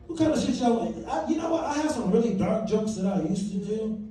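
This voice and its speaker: A man doing a stand-up set on a club stage, bantering with the audience, swinging between loud bursts and low mutters. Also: lively intonation, brisk. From Virginia. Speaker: stand-up comedian. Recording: echoey club recording from far off, loud crowd. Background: audience laughter.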